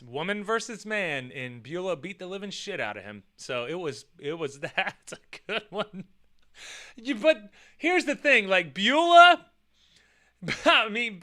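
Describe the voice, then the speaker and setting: A man's voice: sits high, clear, resonant tone. A man ranting profanely in casual chat while reading a list and chat comments, mocking with put-on voices. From United States. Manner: animated, swears a lot, mocks with put-on voices. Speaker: streamer reacting to a list and chat.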